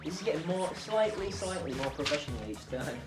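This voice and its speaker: A man's voice: fairly high pitch, animated, a little fast. A young man co-hosting and organising a casual podcast, joking and laughing often. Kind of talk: casual chat. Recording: roomy with music behind.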